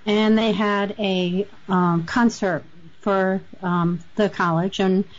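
A woman calling a radio show, starting her story in a halting way. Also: medium pitch, fairly even intonation. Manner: hesitant, halting. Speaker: caller. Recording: dull lo-fi line.

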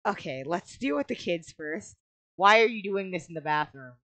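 A woman's voice: on the low side, animated, normal speed, a bit bright, no room sound. A young woman giving casual commentary as she plays a life-simulation game, often exasperated and talking back to it. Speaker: gaming video creator.

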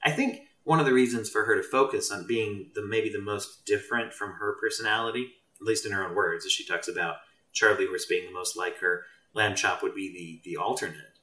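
A man's voice: lowish voice, brisk, bright, forceful tone, distant mic. A man, a mental health professional, talking thoughtfully as a guest in a casual discussion. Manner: thoughtful, meandering. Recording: roomy, off-mic.

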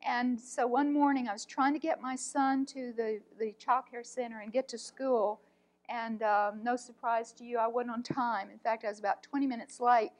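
A woman, an art teacher, telling a personal story in an earnest, heartfelt way, often speaking softly. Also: on the high side, steady tone, moderate pace, poor audio.

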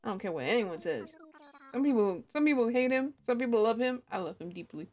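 A woman's voice: on the high side, animated, brisk, a little mellow, muffled recording, soft background music. A woman streamer chatting casually and giggling often as she plays a cozy life-sim game and greets her chat. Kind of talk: casual gaming livestream chat.

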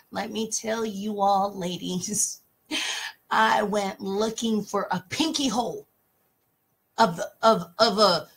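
A woman's voice: medium pitch, a bit bright, husky. A woman talk show host, speaking emphatically and passionately in casual talk about scripture and reading verses aloud.

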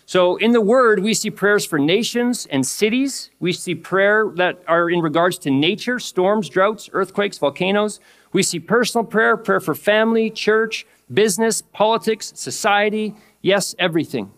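A pastor preaching a sermon, excitable, laughing often and lifting his voice when he acts out prayers. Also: sits high, moderate pace.

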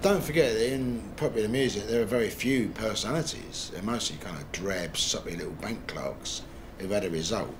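A musician being interviewed, talking in a cheeky, blunt way and swearing freely. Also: male voice, on the low side, fairly quick, background noise. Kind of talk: reflective interview talk. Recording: music playing underneath.

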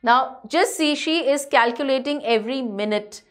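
Woman teacher, high voice, explains a textbook chapter plainly, says you know often. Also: normal speed, soft background music. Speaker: English teacher.

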